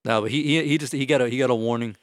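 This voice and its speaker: A man's voice: medium pitch, racing, dry recording. Young guy rambling thru a story, cussing, voice real dry and close. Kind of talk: casual chat.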